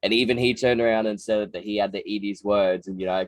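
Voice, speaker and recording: Laid-back aussie guy, low voice, dry close sound, slangy podcast chat. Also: steady tone, fast talker, no echo. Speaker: podcast co-host. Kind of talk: casual chat over beers.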